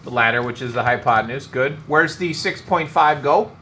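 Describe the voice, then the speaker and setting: A man's voice: medium pitch, normal speed, bright, forceful tone. A man teaching a math class, joking and teasing his students as he works through problems. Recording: echoey classroom, some noise.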